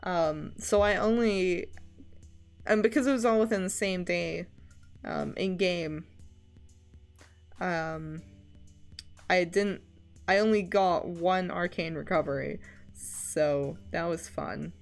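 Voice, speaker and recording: A woman's voice: on the low side, takes it slowly, creaky, long pauses, faint music behind. A woman streamer chatting casually, rambling with many fillers and frequent laughter.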